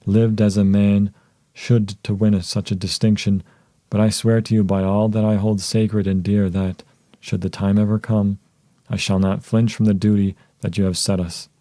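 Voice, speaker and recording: A man voicing a rough, earnest fellow swearing an oath in an audiobook, grave and steady, with a low, dark voice. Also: moderate pace, no room sound, lightly acted.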